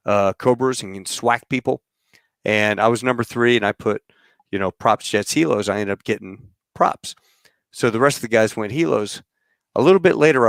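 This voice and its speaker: A middle-aged man hosting a podcast, telling rambling, animated stories about flying and acting out what others said. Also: fairly low pitch, no room sound, studio quality. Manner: rambling, animated storyteller who acts out quotes. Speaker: podcast host. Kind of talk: casual storytelling chat.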